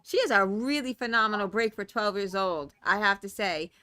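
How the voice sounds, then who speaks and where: A woman guest panelist talking through ideas in an animated way, with many restarts. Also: medium pitch, moderate pace, clean tone. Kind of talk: panel discussion.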